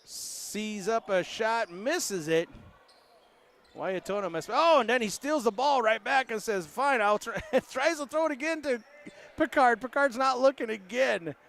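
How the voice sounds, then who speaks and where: A man with a high voice calls a basketball game play by play in an easy, joking way. He keeps up a running patter and makes up lines for the players, with a ball bouncing faintly in the gym behind him. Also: measured pace, creaky, a bit bright. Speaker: play-by-play announcer. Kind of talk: casual sports commentary.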